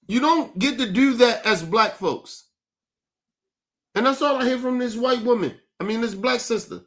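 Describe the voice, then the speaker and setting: A man's voice: high-pitched, very animated, moderate pace. A man hosting an online talk show, giving blunt, profane commentary and often asking "right?". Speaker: show host. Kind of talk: casual commentary.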